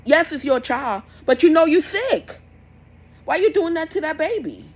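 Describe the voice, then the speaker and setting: A woman's voice: high voice, sing-song, moderate pace, rough recording. A young woman, giving blunt, repetitive parenting advice in a scolding, casual rant. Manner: blunt, scolding, repeats herself. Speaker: parenting vlogger.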